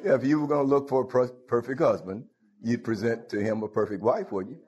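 A man's voice: mid-range voice, a little fast, a little mellow, lo-fi sound. A man preaching a folksy call-and-response sermon, laughing and calling out hallelujahs.

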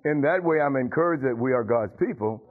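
A man's voice: mid-range voice, expressive, brisk. A male pastor preaching to his congregation, repeating phrases and asking "huh?" to press his point. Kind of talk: sermon. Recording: muffled lo-fi recording.

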